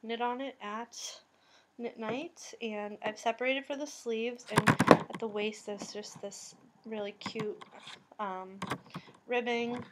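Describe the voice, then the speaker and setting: A woman's voice: on the high side, steady tone, slow, noisy background. A young woman with a Boston accent, chatting casually about her knitting and sewing projects in a rambling way, with many "um"s. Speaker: crafting vlogger. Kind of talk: casual crafting vlog chat.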